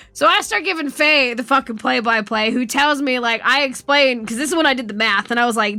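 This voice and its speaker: A woman streamer chatting casually with her viewers, her voice high and bright. She swears freely and laughs through her story. The sound is dry and close, with faint music underneath. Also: a little fast, no echo. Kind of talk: casual chat.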